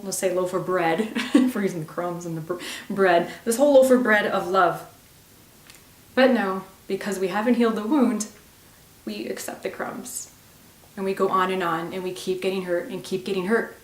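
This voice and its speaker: Woman, self-help vlog host, encouraging, speaks to the viewer, mid pitch, echoey room. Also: distant mic. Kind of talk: gentle spoken self-help talk.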